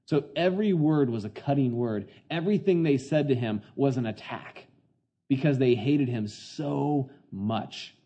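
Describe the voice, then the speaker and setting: Chatty preacher, mellow and muffled. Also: male voice, medium pitch. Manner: chatty, full of "you know" fillers, retells scenes. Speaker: pastor teaching a Bible passage. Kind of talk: conversational sermon. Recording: dull lo-fi sound.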